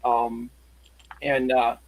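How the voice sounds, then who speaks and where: A man chatting casually on a livestream, showing his locksport tools in a halting, rambling way. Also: medium pitch, level tone, no room sound, low-quality recording. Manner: halting, rambling show-and-tell.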